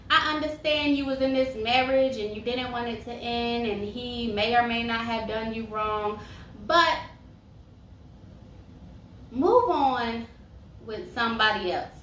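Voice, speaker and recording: A woman's voice: a little high, fairly bright tone. A young woman chatting casually as she reviews a reality TV show, sassy and full of tangents. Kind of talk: casual chat. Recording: roomy echo, mic far off, faint hiss.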